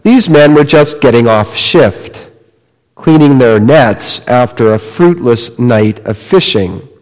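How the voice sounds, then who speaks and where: A man preaching a sermon, retelling a story slowly and dramatically, dropping to a hush and rising again. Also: mid-range voice, lively intonation. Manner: slow, dramatic storytelling with wide swings in loudness. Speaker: pastor. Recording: long reverb of a large hall.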